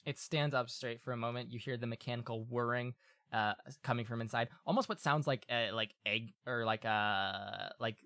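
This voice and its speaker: A man narrating as game master in a casual, meandering way, often pausing to correct himself. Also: medium pitch, pushed and bright, dry recording, studio quality. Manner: casual and meandering, with many fillers and self-corrections.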